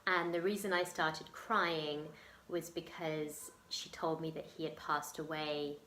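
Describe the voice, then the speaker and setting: Chatty English woman with a low voice. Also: little pitch movement, measured pace, bright, forceful tone, echoey room, a little hiss or hum. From England. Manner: chatty, emotional, many ums and laughs. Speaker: vlogger. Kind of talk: casual storytelling vlog.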